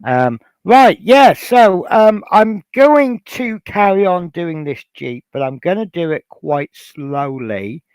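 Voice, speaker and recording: Gravelly-voiced man chatting on a livestream. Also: high voice, sing-song, takes it slowly, few pauses, darkish tone, dry recording. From Norfolk, England. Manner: rambling, reads out chat messages with many fillers. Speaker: livestream host. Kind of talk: casual livestream chat.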